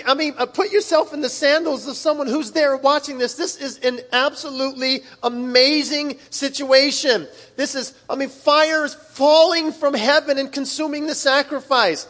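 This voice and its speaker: A man preaching a sermon in a relaxed, conversational way, with folksy asides. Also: extremely high pitch. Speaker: pastor. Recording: long reverb of a large hall.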